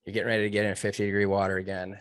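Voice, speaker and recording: A man recounting his military training in an interview, earnest and emotional, with halting restarts. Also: fairly low pitch, monotone, dry recording, clean studio sound. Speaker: guest, former Navy SEAL trainee. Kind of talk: personal story told in an interview.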